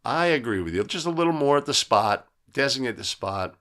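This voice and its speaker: A man's voice: medium pitch, lively intonation, fairly quick, a bit bright. A man teaching basketball officials in a live lesson, talking casually, checking in with "right?" and answering viewers' comments. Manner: conversational, keeps asking "right?". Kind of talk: live video breakdown lesson.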